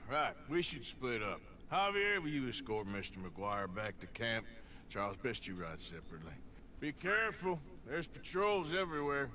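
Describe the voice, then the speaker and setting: A man's voice: medium pitch, expressive, moderate pace, bright, forceful tone, a little hiss or hum. An actor playing a weary middle-aged outlaw who gives terse orders to his gang in a western game. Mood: commanding.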